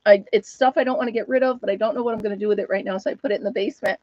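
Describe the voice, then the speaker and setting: A woman's voice: mid-range voice, steady tone, very fast, darkish tone, no room sound, muffled recording. A woman hosting a casual live chat from home, laughing often and talking to viewers and her dog. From United States. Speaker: host of a live chat stream.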